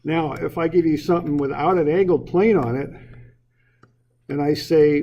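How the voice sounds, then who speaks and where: A man's voice: on the high side, normal speed, pauses often, warm tone, low-quality recording. A man teaching an engineering class in an informal way, often repeating words and putting questions to the students. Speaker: engineering instructor. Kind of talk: classroom lecture.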